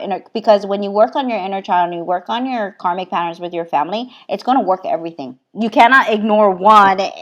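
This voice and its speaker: A middle-aged woman from Hawaii, a spiritual healer, talking casually as a podcast guest, earnest and quick to laugh, with loose run-on phrasing. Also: mid-range voice. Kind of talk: casual conversational storytelling.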